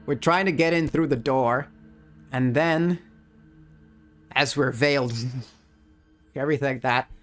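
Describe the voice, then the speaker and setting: Excitable man narrating a solo tabletop game. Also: on the high side. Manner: excitable, laughs at dice results.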